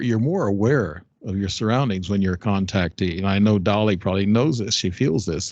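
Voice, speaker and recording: Low-voiced male talk show host, dull audio. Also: a little mellow, dry recording. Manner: rambling, with many fillers. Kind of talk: casual interview chat.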